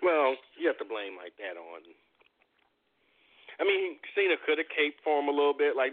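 Man, casual podcast chat, loose and chatty, animated voice, thin phone-like sound. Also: fairly high pitch, normal speed, long pauses. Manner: chatty, hedging with fillers. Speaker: podcast co-host. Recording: phone-like line.

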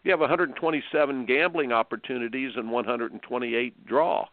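A man in his seventies from Indiana, hosting a radio tennis show and telling stories with bursts of excited exclamations. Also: medium pitch, fairly quick, heavy background noise. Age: 70s. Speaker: tennis coach and host. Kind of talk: radio show interview, storytelling. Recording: tinny dry phone line.

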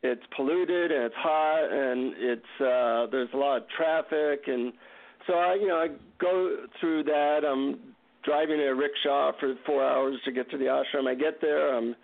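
A man, a guest author, tells an animated, self-mocking anecdote in an interview over a tinny phone line. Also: mid-range voice, a little slow, vocal fry. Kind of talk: storytelling in an interview.

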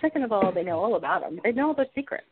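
A woman in her sixties, a guest healer telling a story in a casual, animated way, acting out the people she talks about. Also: medium pitch, racing. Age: 60s. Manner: animated, acts out the other people's voices in her anecdotes. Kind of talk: casual storytelling on a call-in show. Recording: phone line with faint noise.

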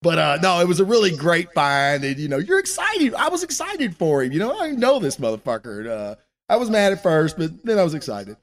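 A man's voice: fairly high pitch, very animated, a little fast. A man hosting his own comic book show, chatting casually and rambling with plenty of cussing. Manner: profane, rambling and loose. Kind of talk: casual live-stream chat.

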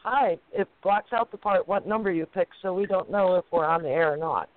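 A caller from southern Florida chats on a call-in show and warmly greets everyone listening. The voice sits at a medium pitch and comes through a thin, phone-like line. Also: fairly quick, no echo. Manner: warm and chatty, greets everyone.

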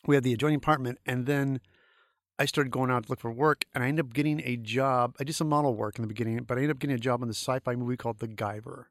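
A middle-aged man from St. Louis tells animated, rambling stories as a podcast guest, with lots of uh's and restarts. His voice sits at an ordinary pitch and sounds close and dry. His tone is easygoing. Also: rapid-fire, no echo. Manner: animated, rambling anecdotes with many fillers. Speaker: guest, creature effects artist. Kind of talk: casual storytelling interview.

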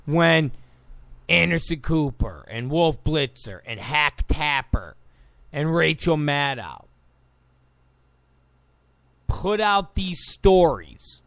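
Slow, with long pauses, this man's slightly high voice is very animated, creaky and a bit bright, captured in a dry recording. A political commentator, he delivers a sarcastic, combative monologue, hammering points by repeating them.

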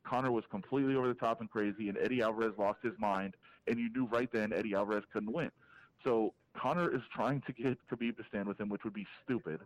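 An MMA reporter calls in as a guest for a casual podcast interview, giving an animated, opinionated breakdown of fights and restarting himself often. His voice is lowish and fast, and the audio quality is poor.

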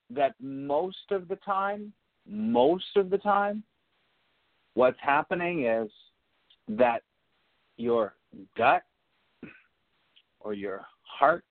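A man giving a reflective spiritual teaching talk, speaking deliberately and repeating phrases for emphasis. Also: medium pitch, no room sound. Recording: narrow phone-like sound, dry.

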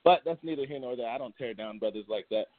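Male podcast host, loose and rambling, mid pitch, phone-quality audio. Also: fast. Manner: rambling, laughs often, many restarts. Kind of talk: casual sports talk.

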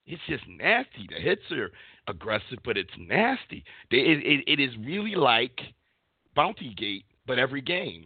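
A man's voice: medium pitch, big pitch swings, moderate pace, slightly rough, dry recording. Middle-aged man rambling on a thin phone line. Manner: rambling, searching for words, repeats himself. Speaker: podcast host. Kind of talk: casual sports talk. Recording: dry, phone-like audio.

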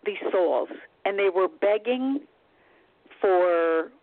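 A woman's voice: mid-range voice, slow, no echo. A woman, a psychic medium guest, recounts a personal experience in casual storytelling, acting out quoted dialogue between fillers. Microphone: phone. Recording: tinny dry phone line.

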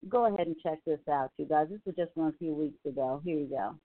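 A woman's voice: sits low, fast. A woman giving casual commentary in a sassy, mocking way. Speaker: commentary vlogger. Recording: tinny phone-like sound.

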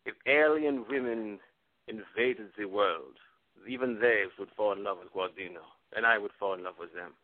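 A man's voice: lowish voice, normal speed, no room sound, lightly acted. A man putting on a smug Venezuelan-accented love guru. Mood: smug boasting. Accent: Venezuelan Spanish. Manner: self-adoring, speaks of himself by name. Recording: tinny phone line.

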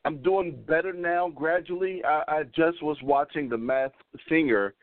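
Laid-back male co-host, slightly high voice. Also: moderate pace, dry recording. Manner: laid-back, stammers and repeats words. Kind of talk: casual sports talk. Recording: phone-like line, dry sound.

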